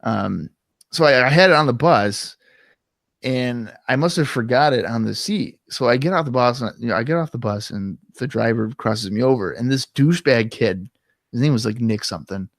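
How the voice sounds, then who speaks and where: A man's voice: medium pitch, lively intonation, moderate pace, no room sound, studio quality. A young man co-hosting a podcast, telling stories in a rambling, swearing way and acting out quotes from his past. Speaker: podcast co-host. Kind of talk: casual storytelling chat.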